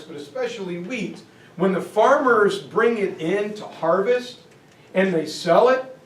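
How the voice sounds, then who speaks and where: Man, history teacher, lively lecture, echoey lecture room. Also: high voice, far from the mic. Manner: lively, acts out quotes from history. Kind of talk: classroom lecture.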